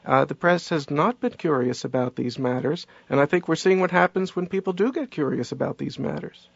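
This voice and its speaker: A man's voice: on the high side, brisk, vocal fry, husky, no echo, muffled recording. A man being interviewed on a radio show, arguing his case insistently. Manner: insistent, argumentative. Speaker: author guest.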